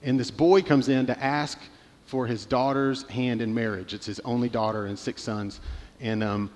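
A man's voice: mid-range voice, steady tone, normal speed, darkish tone, in a large hall. A man in his thirties preaching a sermon, telling a personal story with many restarts and fillers. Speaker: pastor.

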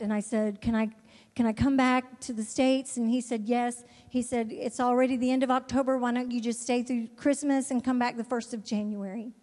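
A high-pitched woman tells her missionary testimony from the pulpit. She speaks fervently, repeats her words and stumbles through restarts. Her voice rings out with the long reverb of a large hall. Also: mellow. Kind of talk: testimony sermon.

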